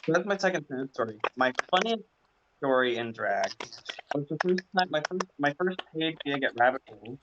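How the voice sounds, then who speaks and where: A man, a drag performer, telling funny stories in casual chat on a livestream, rambling and animated. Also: a little high, normal speed. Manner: rambling, animated, acts out quoted voices loudly. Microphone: video call. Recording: dull lo-fi sound with clear background noise.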